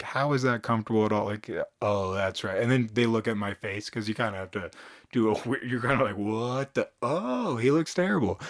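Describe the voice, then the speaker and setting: Low-voiced man rambling through a storytime. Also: dry recording, studio quality. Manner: rambling, self-mocking, acts out quotes. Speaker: storytelling vlogger. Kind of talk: casual storytime.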